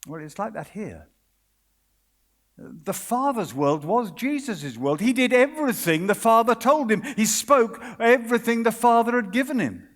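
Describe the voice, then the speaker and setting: A British man preaches a sermon with earnest, dramatic delivery, sinking into hushed pauses. His voice sits high for a man. The sound carries a long reverb from a large conference hall. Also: sing-song. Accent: British English.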